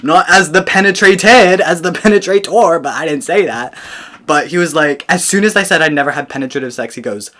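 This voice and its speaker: A man with a British accent telling a story in a vlog, expressive, swearing and laughing as he talks. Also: fairly high pitch, a little fast. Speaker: vlogger.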